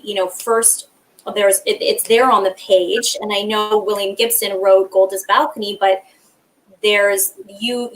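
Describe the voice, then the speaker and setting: A woman hosting an interview on a video call, asking long questions in a halting, searching way. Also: mid-range voice, fairly bright tone, low-quality recording. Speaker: host. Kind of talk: interview conversation.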